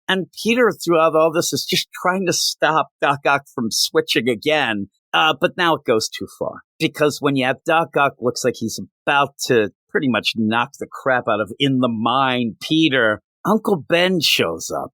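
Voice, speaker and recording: Male comics podcast host, bright and forceful, casual and jokey, dry sound. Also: fairly high pitch, moderate pace, few pauses, no echo. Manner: animated, jokey, restarts a lot. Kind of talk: casual review chat.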